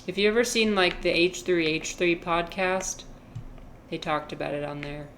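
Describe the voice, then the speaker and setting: Young woman streaming a game, kinda low voice, rambly casual chat, bit of quiet hum in the background. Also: normal speed. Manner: rambling, chatty, reading chat and answering. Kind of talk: casual livestream chat while gaming.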